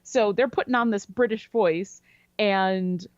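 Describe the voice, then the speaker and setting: Woman, podcast guest, animated storyteller, dry dull recording. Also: medium pitch, a little slow, dry recording. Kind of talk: casual storytelling interview. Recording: dry, slightly dull lo-fi sound.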